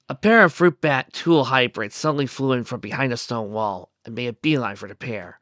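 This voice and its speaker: A man reading a story aloud in steady narration, with small slips and restarts. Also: mid-range voice, brisk, few pauses, dry recording. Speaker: story reader. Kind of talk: reading fan fiction aloud.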